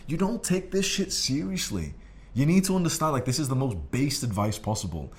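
A man's voice: medium pitch, very animated, brisk, darkish tone. Young guy ranting dating advice, crude and condescending, tons of swearing, voice swings up and down a lot. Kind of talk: profane advice monologue.

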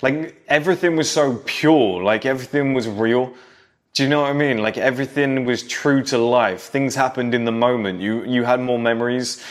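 A man's voice: medium pitch, normal speed. A man in his thirties speaks straight to camera in a casual, nostalgic monologue. He addresses younger viewers directly, recalling his own childhood with a lecturing edge. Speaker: vlogger.

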